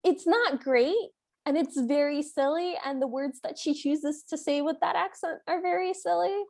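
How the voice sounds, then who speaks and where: A woman's voice: sits high, moderate pace, vocal fry. A woman co-hosting a podcast, chatting casually and laughing as she retells a film. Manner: giggly, animated retelling. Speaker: podcast co-host. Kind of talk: casual chat recapping a film.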